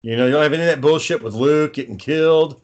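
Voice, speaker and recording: A man's voice: fairly high pitch, fast talker, darkish tone, lo-fi sound. A man co-hosting a casual podcast chat, ranting with lots of swearing and sarcasm. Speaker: podcast co-host.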